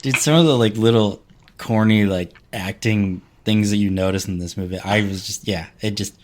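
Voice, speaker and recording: A man's voice: fairly low pitch, moderate pace, noisy background. A man co-hosting a podcast, chatting loosely about a movie with trailing, unfinished phrases. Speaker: podcast co-host. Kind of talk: casual film chat.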